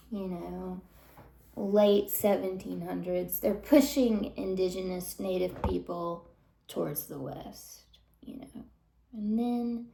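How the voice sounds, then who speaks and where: A woman ranting in an indignant monologue to camera, often dropping into hushed whispered asides. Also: medium pitch, creaky, echoey room. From United States. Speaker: vlogger.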